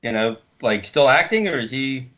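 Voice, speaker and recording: A man with a bright, forceful voice tells stories over a video call. He talks casually, swears freely and acts out the people he quotes with lively energy. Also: medium pitch, normal speed. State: hard of hearing. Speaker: interview guest. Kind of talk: casual storytelling.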